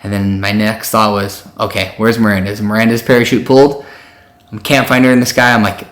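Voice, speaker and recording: A man's voice: fairly low pitch, level tone, fast, a bit bright. A young man casually telling the story with his partner, plainly adding details and times. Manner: matter-of-fact, adds details and times.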